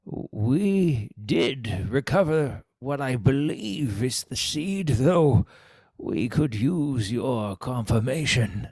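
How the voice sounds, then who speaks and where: A man's voice: mid-range voice, expressive, slow, few pauses, a little mellow, breathy edge, dry recording, heavily acted. A man playing a formal, courteous adventurer in a tabletop game, recorded dry.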